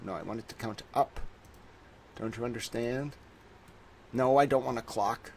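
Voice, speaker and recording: Gravelly man chatting on a livestream. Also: mid-range voice, slight background noise. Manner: rambling, talks to chat while fiddling with settings. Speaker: livestream host. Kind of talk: casual livestream chat.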